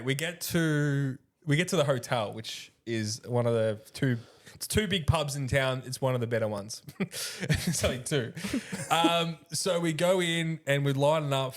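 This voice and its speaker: A man's voice: a little high, moderate pace. Rowdy, laughing man telling stories. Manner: rowdy, laughing, swears freely, acts out other people's lines. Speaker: podcast co-host. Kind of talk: casual storytelling chat.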